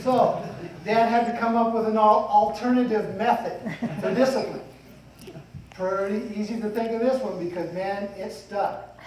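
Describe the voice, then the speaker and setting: A man's voice: high voice, steady tone, normal speed, a little mellow. A middle-aged man giving a rambling, folksy eulogy for his father, mixing light humor with emotion. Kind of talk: funeral eulogy speech. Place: funeral hall. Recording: echoey hall, distant mic, faint noise.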